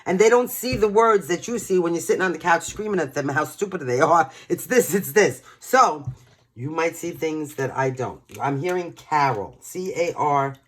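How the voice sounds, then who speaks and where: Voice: mid-range voice, normal speed. A tarot reader from New York talks through a casual reading in a loose, chatty way. The delivery is emotional and speaks right to the viewers.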